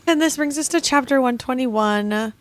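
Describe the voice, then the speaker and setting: A woman's voice: high voice, moderate pace. A young woman co-hosting a casual book club podcast, talking emotionally and laughing through tears. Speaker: podcast co-host.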